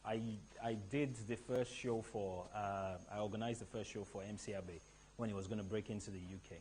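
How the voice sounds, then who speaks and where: A man from Nigeria hosting a live event, telling stories to the audience in an animated, emphatic way from a stage mic. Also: lowish voice, fairly quick, slight background noise. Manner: animated storytelling with a rising, emphatic delivery. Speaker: event host.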